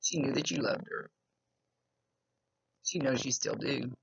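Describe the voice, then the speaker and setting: A woman's voice: extremely low pitch, unhurried, creaky, husky, no room sound. A woman psychic medium talking casually in a chatty, rambling way during a reading. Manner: chatty, rambling, laughs often. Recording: lo-fi with faint noise.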